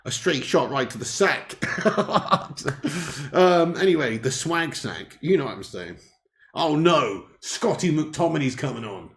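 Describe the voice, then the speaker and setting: A man hosts a live football watch-along, joking and laughing with viewers between bits of commentary. His voice sits on the high side, animated and fairly bright, with a slow pace.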